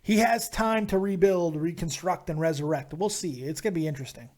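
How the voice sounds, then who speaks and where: A man's voice: on the high side, a little fast, a little mellow. A man hosting a live call-in show, talking casually and animatedly with some swearing. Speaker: host.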